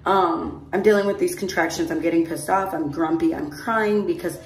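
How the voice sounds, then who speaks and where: A young vlogger with a fairly low-pitched voice talks at normal speed through a long, rambling personal story aimed at her phone camera. Her chatter is full of "like" and "mind you." Held at a distance, the phone captures a roomy echo and slight background noise.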